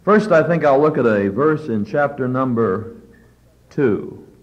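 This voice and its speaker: A middle-aged man preaching a sermon at a chapel service, fervent and building to loud emphatic peaks. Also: medium pitch, lively intonation, unhurried, dull audio.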